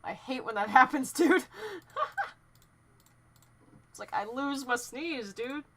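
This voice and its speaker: A young woman chats loosely on her home stream while she draws. Her voice sits a little high. She rambles and gets excited, laughs often and stumbles over her own sentences. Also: moderate pace. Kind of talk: casual live-stream chat while drawing.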